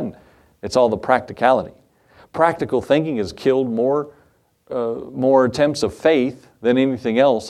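A man's voice: medium pitch, darkish tone. A man preaching a sermon, reading King James scripture and asking the congregation rhetorical questions in a conversational way. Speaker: pastor.

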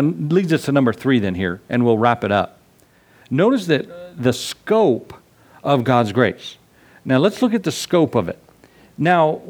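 Male pastor, sermon teaching, emphatic, scripture reading, mid pitch.

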